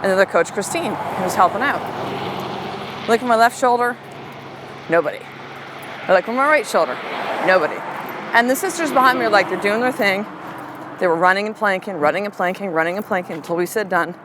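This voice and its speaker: A middle-aged woman speaks at medium pitch over background noise, sharing a story from her own life. She hosts a podcast and coaches, sounding frank and lively until she slows and softens for calm affirmations.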